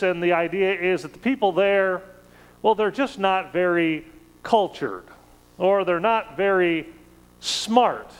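A man preaching a sermon in a measured, conversational way, with emphatic rises on key words. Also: sits high, smooth, big-room sound, rough recording.

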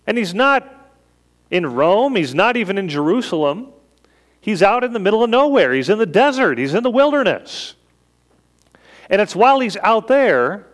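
A man delivers a sermon from the pulpit, his voice sitting high and swooping up and down. He takes his time, speaking in an easy, conversational way and posing questions to his listeners. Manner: conversational preaching with rhetorical questions. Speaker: pastor.

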